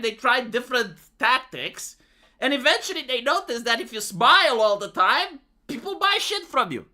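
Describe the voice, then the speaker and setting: Man streaming, rambling sarcastic rant with a very bright voice. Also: extremely high pitch. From Romania. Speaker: live streamer. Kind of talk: political rant.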